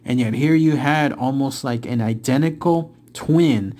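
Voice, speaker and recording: Man, audiobook-style reader, dramatic delivery, mid pitch, slows for reveals, casual commentary after. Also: mellow. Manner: dramatic storytelling, rising for tense moments and slowing for reveals. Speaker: book reader and channel host. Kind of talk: reading a book aloud, then casual commentary.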